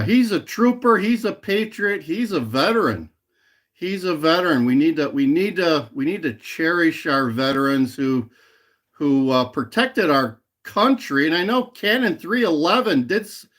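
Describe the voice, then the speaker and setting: Slow-talking, high-voiced male streamer. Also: a bit bright. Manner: rambling, laughs a lot, keeps repeating a catchphrase. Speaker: livestream host. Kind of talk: casual chat with live viewers.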